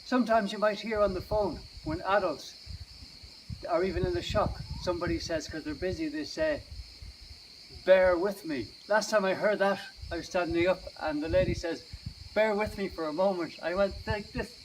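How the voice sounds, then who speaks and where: A man teaching yoga and meditation to children, guiding them gently and playfully. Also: high voice, fairly quick. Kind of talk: guided kids' yoga and meditation. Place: outdoors. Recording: distant mic, outdoor noise.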